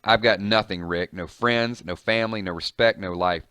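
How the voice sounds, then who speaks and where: A man's voice: on the low side, moderate pace, pushed and bright, clear, resonant tone, no room sound. A man doing a bitter, unraveling cop. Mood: anguished. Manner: bitter, pleading, voice rising in anguish. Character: desperate unraveling male cop, angry and grieving.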